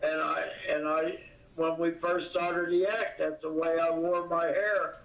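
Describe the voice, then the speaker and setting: An older man, a comedian guest in an interview, talking in a halting way with many pauses and fillers, recorded from a distance. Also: fairly high pitch, flat delivery, creaky, a bit bright. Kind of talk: casual interview. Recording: distant, echoey, dull audio.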